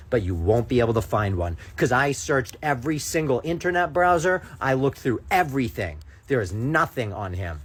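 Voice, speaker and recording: A man ranting straight to camera, indignant and sarcastic, daring his viewers to prove him wrong. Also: medium pitch. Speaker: content creator. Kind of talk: ranting direct-to-camera monologue.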